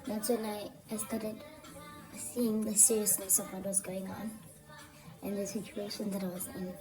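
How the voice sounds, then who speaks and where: A woman telling a dramatic story in a casual, animated way with fillers, over background music. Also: mid-range voice, normal speed, low-quality recording. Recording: clear music bed behind voice.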